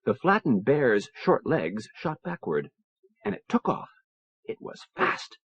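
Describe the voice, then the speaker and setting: Husky guy narrating an audiobook, lots of swing in his voice, dry dull old tape. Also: mid-range voice, huge pitch swings, slow pace, dry recording. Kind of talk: scripted narration. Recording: dull lo-fi cassette transfer.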